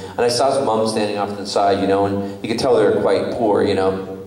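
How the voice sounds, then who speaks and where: A man's voice: fairly low pitch, steady tone, brisk, darkish tone. A man chatting as a guest at a fan convention panel, telling anecdotes and acting out the voices of people in them, often breaking into laughter. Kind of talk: anecdotal storytelling to an audience. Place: large convention hall. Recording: echoey convention hall, mic from far off.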